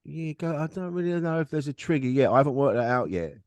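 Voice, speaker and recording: A man's voice: fairly high pitch, big pitch swings, fast, dry recording. A man, a comedian guest on a podcast, telling a personal story in a frank, rambling, self-deprecating way. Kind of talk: candid conversational storytelling.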